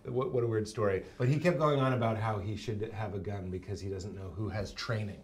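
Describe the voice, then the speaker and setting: A man talking in casual comedy chat, loud and quick to shout. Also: on the low side, slight background noise.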